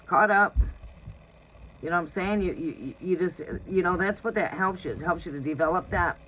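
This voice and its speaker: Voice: medium pitch, moderate pace. Blunt, foul-mouthed tarot reader who laughs a lot, casual live-stream advice, dull lo-fi audio with faint noise. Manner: blunt and profane, laughs often.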